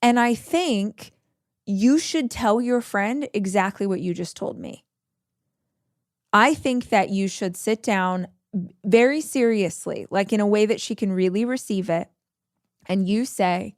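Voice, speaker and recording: A woman podcast host gives an advice monologue in a mid-range voice, speaking a little slowly. She's earnest and emphatic, often repeating key phrases, and the recording is dry with clean studio sound.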